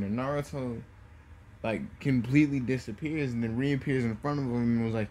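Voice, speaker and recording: A man casually retelling a fan story, halting often with fillers and restarts. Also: medium pitch, steady tone, warm tone, slight background noise.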